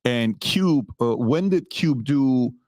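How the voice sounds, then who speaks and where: A man hosting a casual interview, asking halting questions with many fillers. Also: mid-range voice, expressive, darkish tone, dry recording, studio quality. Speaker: host.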